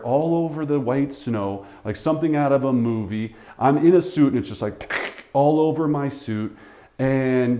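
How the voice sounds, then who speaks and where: Brief: middle-aged male sales coach, animated storyteller, mellow tone, roomy echo. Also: medium pitch. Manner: animated, acts out the voices in his story. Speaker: real estate coach. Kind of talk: storytelling to camera. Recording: echoey room.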